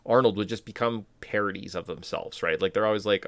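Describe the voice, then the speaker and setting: A man co-hosting a laid-back podcast, talking in a low voice. He rambles, leans on fillers and acts out quick mock quotes. The sound is dry and close, with no room around it. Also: a bit bright, no room sound. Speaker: podcast co-host. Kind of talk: casual chat.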